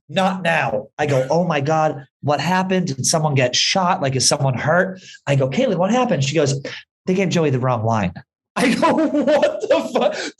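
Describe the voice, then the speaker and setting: A young man from the Boston area co-hosting a podcast, retelling stories with a teasing, animated delivery. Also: fairly high pitch. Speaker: podcast co-host. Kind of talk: casual chat.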